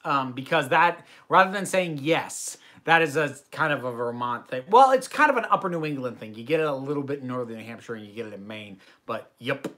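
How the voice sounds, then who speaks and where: A man's voice: medium pitch, animated, a little fast, few pauses, sharp tone. A young American man hosting a livestream Q&A from his bedroom, reading chat questions aloud and answering them in long tangents. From United States. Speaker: host.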